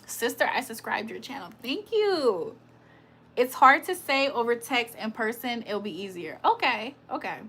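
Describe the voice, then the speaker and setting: A woman's voice: fairly high pitch, big pitch swings, normal speed, a bit bright, breathy edge. A woman hosting a casual livestream, reading viewer comments aloud, teasing them and laughing often. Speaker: livestream host.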